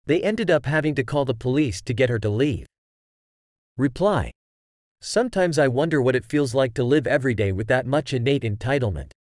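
A man reading out online stories as scripted narration, with an even read-aloud delivery. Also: medium pitch, a little fast, dry recording, studio quality.

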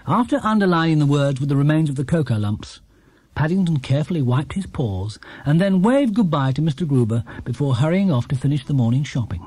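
A man narrating a children's storybook in a lively, expressive way. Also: on the high side, a little fast, slightly rough, no room sound. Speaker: audiobook narrator.

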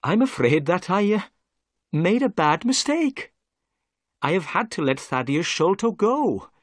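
Man putting on a humble middle-aged police inspector, raised pitch, lively, dry sound. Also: measured pace, no echo, heavily acted.

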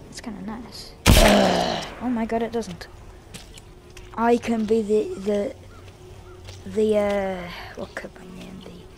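A woman's voice: on the high side, steady tone, measured pace, long pauses, slight background noise. A young woman streaming a game, chatting and joking, then shrieking when attacked. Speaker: gaming streamer. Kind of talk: gameplay commentary. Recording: loud game sounds under the voice.

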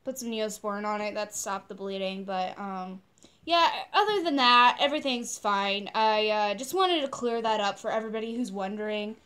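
A young woman vlogger telling a casual story with animated, sweary reenactments of what was said. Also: mid-range voice, moderate pace.

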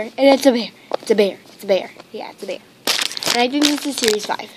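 Unboxing toys at home for the camera, this woman speaks a little high and fairly quickly, pausing often. She's a vlogger who rambles, gushes, says um a lot, and repeats her exclamations into a handheld camera mic with a noisy background.

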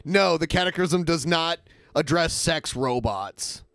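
A man co-hosts a podcast with blunt, crude, dismissive remarks. His pitch rises and falls animatedly, sitting slightly high, on a dry close mic. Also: animated, measured pace, fairly bright tone, no room sound. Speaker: podcast co-host. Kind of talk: casual comedic commentary.

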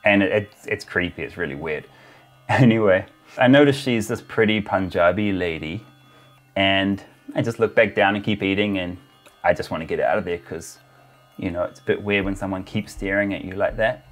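A man's voice: sits low, moderate pace, fairly bright tone, faint music behind. A man telling a travel story in a casual, chatty way, full of filler words. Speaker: travel vlogger.

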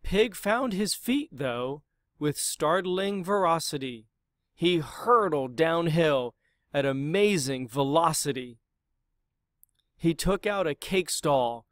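A man reads a rhyming children's picture book aloud with a lot of expression. His delivery is very slow and unhurried, and his voice sits a little high. The recording is dry and close to the mic. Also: no room sound. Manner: expressive, dramatic read-aloud. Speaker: storyteller.

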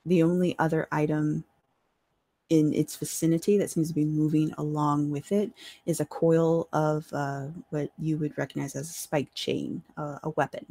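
A woman running a tabletop game as dungeon master, describing scenes in a calm, measured way with many fillers. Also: low-pitched, no room sound.

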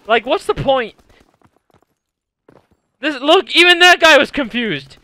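Young male streamer, high bright voice, loud profane jokey commentary, hoarse edge, faint background noise. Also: animated, slow, no room sound. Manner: loud, profane, jumpy, joking. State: voice going hoarse from yelling. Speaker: gaming streamer. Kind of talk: casual gameplay commentary.

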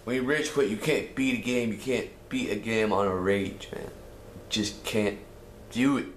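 Ranting in frustration and swearing often, a man provides casual let's play commentary as a gamer. His voice is on the low side and moderately paced, with a little hiss or hum on the audio, plus a roomy echo and faint game music.

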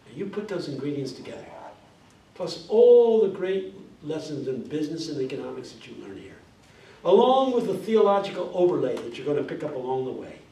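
A man delivers a lively, humorous lecture in a high voice. He is recorded from far away in a roomy classroom with a faint background hum. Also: moderate pace. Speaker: guest lecturer.

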